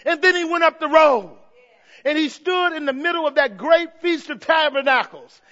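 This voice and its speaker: A male preacher delivering a fervent sermon, swinging from hushed tones to shouts and putting rhetorical questions to the congregation. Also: very high-pitched, moderate pace. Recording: dull lo-fi recording.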